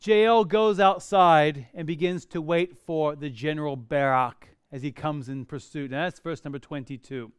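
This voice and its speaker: Preaching at a normal speed with hardly any pauses, a middle-aged pastor tells stories, stresses points with animation and drops wry jokes along the way. The high, smooth, resonant voice is captured close and dry, without room sound.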